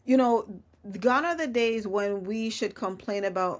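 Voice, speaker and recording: A woman's voice: on the high side, a little slow. A woman hosting a podcast, talking casually with many "you know" fillers. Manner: chatty, full of "you know" fillers, laughs often. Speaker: podcast host. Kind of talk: casual conversation.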